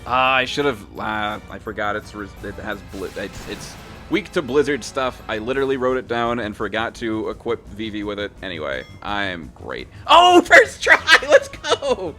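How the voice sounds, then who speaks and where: A man streams a video game, chatting in a relaxed, joking way and laughing often. His voice sits a little low but sounds bright and edgy, and it swings widely up and down as he talks. Faint music plays under his voice. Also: moderate pace. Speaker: gaming streamer. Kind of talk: casual let's-play commentary.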